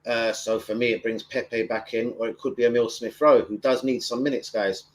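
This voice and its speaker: A man's voice: mid-range voice, steady tone, normal speed. A man, chatting loosely and swearing as he hosts a football fan live stream. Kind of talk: casual live stream chat.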